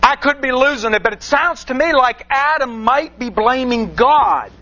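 A man's voice: very high voice, expressive, normal speed, pushed and bright, lo-fi sound. A man preaching a sermon, reading scripture aloud and repeating phrases for emphasis with rhetorical questions.

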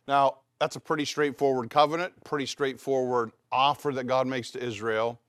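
A man's voice: mid-range voice, no echo, clean studio sound. A man preaching a Palm Sunday sermon to his congregation in a loose, conversational way, full of fillers and restarts. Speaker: pastor.

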